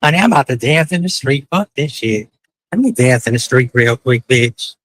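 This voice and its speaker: A man's voice: mid-range voice, lively intonation, moderate pace, fairly bright tone, dry recording, poor audio. A man hosting a casual live stream while walking city streets at night, flamboyant and profane, calling his viewers honey with sing-song outbursts.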